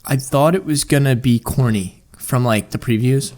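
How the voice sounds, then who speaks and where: A young man co-hosting a casual podcast, cracking crude jokes and rambling from one thought to the next. His voice sits in an ordinary middle pitch. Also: normal speed, darkish tone. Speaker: podcast co-host. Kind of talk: casual chat.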